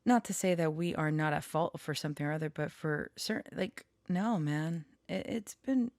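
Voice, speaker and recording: A woman talking slowly and haltingly with many pauses, sharing personal reflections in a vlog, short on sleep. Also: sits low, darkish tone, no room sound. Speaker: tarot reader and storyteller.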